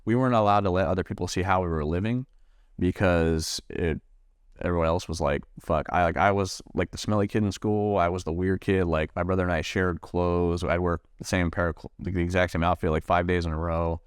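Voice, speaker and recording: A man with a very deep, smooth voice tells his own story in a sit-down interview. He talks in a halting way, full of fillers and restarts, and swears freely. He is recorded close in a dry space. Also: fairly even intonation, dry recording. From Nebraska, USA. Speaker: Marine veteran guest.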